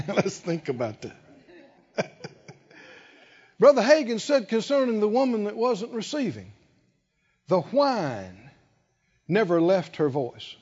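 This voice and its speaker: In a dull, lo-fi recording, an older preacher delivers a sermon slowly and emphatically, animated and frequently chuckling. His voice sits high and is slightly rough.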